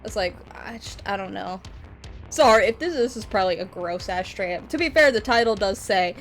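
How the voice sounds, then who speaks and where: A woman's voice: medium pitch, moderate pace. A woman streamer chatting casually, rambling with lots of laughter and swearing. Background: metal music.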